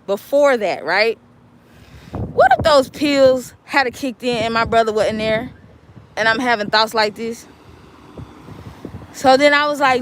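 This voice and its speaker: A woman vlogging outdoors on a city street while waiting for a bus, telling a story in an animated, emphatic, colloquial way. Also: high-pitched, measured pace, pauses often, slight background noise, rough recording. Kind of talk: casual storytelling vlog.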